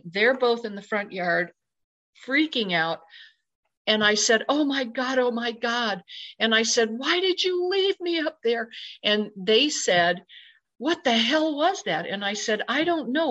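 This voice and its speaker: A woman's voice: mid-range voice, fairly bright tone. A woman telling a personal ghost story in an emphatic, dramatic way, acting out her own exclamations. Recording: slightly dull lo-fi recording.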